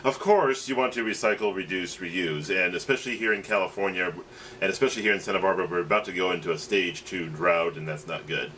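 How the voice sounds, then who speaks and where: Male co-host, lowish voice, relaxed and halting, casual banter. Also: slight background noise. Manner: easygoing, hesitant, with many fillers. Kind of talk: casual chat over drinks.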